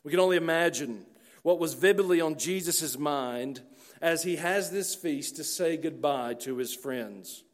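A man preaching a sermon to his congregation, earnest and slowing down to stress key phrases. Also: on the high side. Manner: earnest, slows down for emphasis. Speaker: pastor.

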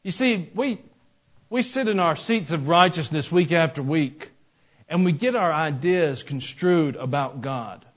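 A man's voice: fairly high pitch, animated, a little slow. A man preaching a sermon in a church, talking conversationally and adding joking asides. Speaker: pastor. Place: church sanctuary. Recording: dull lo-fi recording.

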